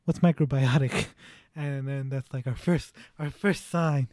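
A man's voice: mid-range voice, fairly even intonation, slow, a little mellow, slight background noise. A young man casually retelling a movie plot to friends, rambling, laughing and swearing as he goes.

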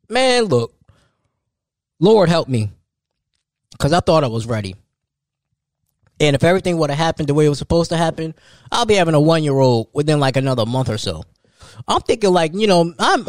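Animated man telling a story on his podcast. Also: moderate pace, pauses often, dry recording, clean studio sound. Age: 30s. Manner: animated storytelling, jumps high for quoted voices. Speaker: podcast host. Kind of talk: solo podcast monologue.

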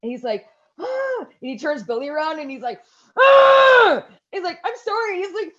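A woman in her thirties co-hosting a podcast, casually retelling a movie scene by scene, swearing and shrieking the characters' yells. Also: sits high, fast, highs cut off. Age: 30s. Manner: animated storytelling with loud shrieks and swearing. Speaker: podcast co-host. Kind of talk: casual chat recapping a movie.

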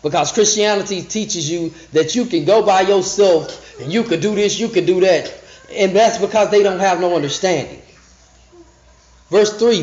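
A man with a fairly high voice teaches scripture in a loose, conversational way. He slows right down for each verse, then jumps back into restarts and asides. The recording is dull and echoey, as if made in a bare room. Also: a little mellow. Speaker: podcast Bible teacher.

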